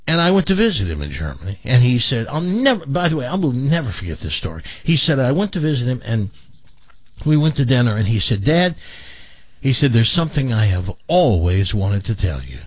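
Older guy telling a story on a talk show, kinda husky, restarts a lot, dull lo-fi sound. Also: mid-range voice, fairly quick, dry recording. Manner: animated storyteller, stammering restarts. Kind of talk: storytelling in casual chat.

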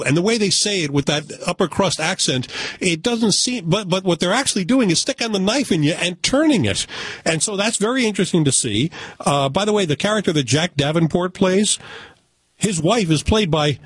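An animated American man talks through a film review in a casual, opinionated way. His voice is somewhat husky and sits a little high for a man. The sound is dry and close, with no room echo. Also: brisk. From United States. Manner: animated, opinionated, joking asides. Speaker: film critic.

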